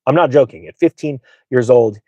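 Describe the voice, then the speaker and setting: A man's voice: medium pitch, moderate pace, a little mellow, dry recording. A middle-aged man hosting a finance channel, telling a rambling, boastful story with lots of fillers. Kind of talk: casual storytelling monologue.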